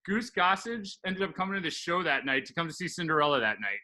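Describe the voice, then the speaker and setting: A man from New York telling a story in casual chat, animated and acting out the voices in it. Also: a little high, fast talker. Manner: animated, acts out the voices in his stories.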